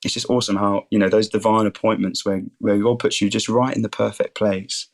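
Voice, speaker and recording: A man's voice: fairly low pitch, little pitch movement, a little fast, gravelly. Eager young man telling faith stories. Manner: enthusiastic, keeps saying things are awesome. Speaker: podcast guest, student and rugby player.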